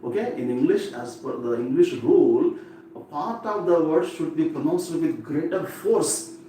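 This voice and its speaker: A man lectures on exam English and repeats each word several times as he drills it. His voice sits a little high for a man. He stands far from the mic in a very echoey room, with faint noise underneath. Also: expressive, unhurried, dark tone. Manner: repetitive, drilling words aloud. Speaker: English teacher.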